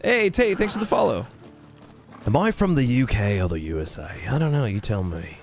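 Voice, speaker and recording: A man's voice: medium pitch, sing-song, normal speed, faint music behind. A man chatting casually on a live stream while playing a game, thanking viewers by name. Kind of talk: casual live-stream chat over gameplay.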